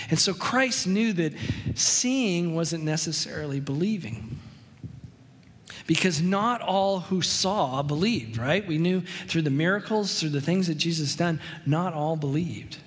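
A man preaching a sermon in a conversational way, telling stories and slowing down for emphasis. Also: on the high side, long reverb tail. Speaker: pastor.

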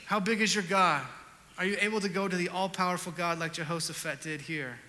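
A male pastor preaching a sermon, telling a personal story with animated swings between loud outbursts and hushed reflection. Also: sits high, brisk, long reverb tail.

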